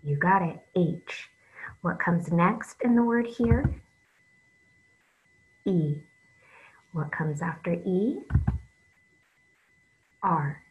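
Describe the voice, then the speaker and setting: A woman teaching an online phonics lesson, unhurried and patient, stretching out each letter sound and slipping into soft whispers between steps. Her voice is breathy and husky, a little low for a woman, and the recording sounds dull and lo-fi. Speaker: reading teacher.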